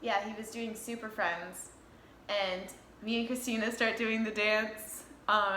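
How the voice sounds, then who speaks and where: Animated young woman vlogger, bright voice. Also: fairly high pitch, moderate pace, echoey room, a little hiss or hum. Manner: animated, swears freely, acts out her own reactions. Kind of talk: casual storytelling to camera.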